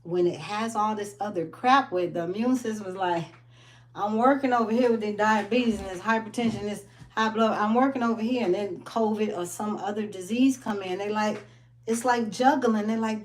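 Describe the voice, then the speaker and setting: A woman giving a casual motivational wellness talk, animated and full of laughter as she acts out stories. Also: medium pitch, normal speed. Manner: animated storytelling, laughs often, acts out quotes. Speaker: wellness business owner.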